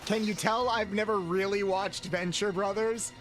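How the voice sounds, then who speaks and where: A man's voice: high-pitched, fairly even intonation, normal speed, a bit bright. A man streaming a video game, chatting playfully with his viewers in a loose, rambling way. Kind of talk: casual gameplay commentary. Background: faint game music.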